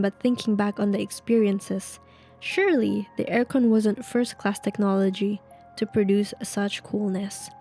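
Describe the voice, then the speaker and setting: Woman narrator, mellow hushed read of spooky tales, faint music behind; casting for storytelling channel. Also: medium pitch. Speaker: narrator reading online stories. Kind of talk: reading a creepy story aloud, then commenting.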